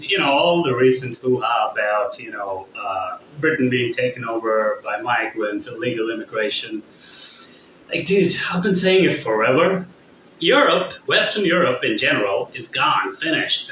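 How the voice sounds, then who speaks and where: A man's voice: medium pitch, expressive, normal speed, fairly bright tone, slight background noise. Rambling, profane man ranting in an echoey room. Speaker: vlogger. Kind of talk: casual vlog rant.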